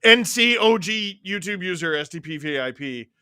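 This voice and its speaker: A man hosting a live watchalong stream, excitedly reading out viewer names and swearing freely. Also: sits high, normal speed, smooth, dry recording, clean studio sound.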